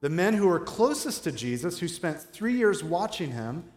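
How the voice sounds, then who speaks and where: A man's voice: on the high side, big pitch swings, moderate pace. A man in his thirties preaching a sermon in a conversational, joking way, asking the congregation questions. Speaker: pastor. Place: large church hall. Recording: roomy hall with long reverb.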